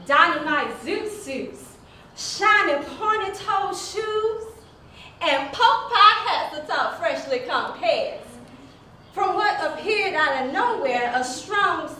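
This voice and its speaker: A woman playing a petite, spirited young singer, telling her story on a stage in a lively, folksy manner. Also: sits high, slight background noise, exaggerated voice. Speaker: narrator of a one-woman stage play. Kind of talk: theatrical storytelling. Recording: echoey hall from far off, faint music.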